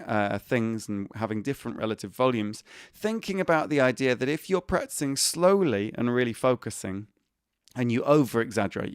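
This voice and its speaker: An English man teaches drums in a live online lesson, explaining each groove and singing the beats aloud. His voice sits at an average pitch, and loud drum music plays under his talk. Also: clean tone, no room sound, clean studio sound. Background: drum kit music.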